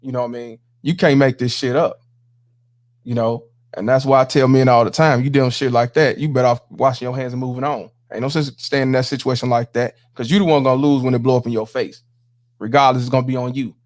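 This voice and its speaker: A man hosting a casual podcast chat, speaking emphatically and driving his points home. He repeats phrases for weight and sounds a little preachy. His voice sits at an ordinary middle pitch. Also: fairly even intonation, fast, darkish tone. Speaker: podcast host.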